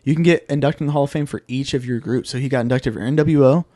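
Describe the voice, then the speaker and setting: A man in casual podcast chat, excitable and slangy about his opinions. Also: mid-range voice, fast talker, no room sound, clean studio sound. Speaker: podcast co-host.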